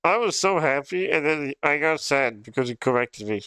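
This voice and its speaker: Young guy streamer rambling and cursing, kinda high voice, super clear. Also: expressive, normal speed, pushed and bright, dry recording. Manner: rambling, profane, laughs often. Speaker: livestreamer. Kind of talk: casual stream chat.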